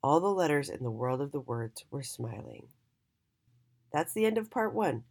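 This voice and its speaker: A woman reading a children's storybook aloud in an expressive, sing-song way. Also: low-pitched, normal speed, gravelly.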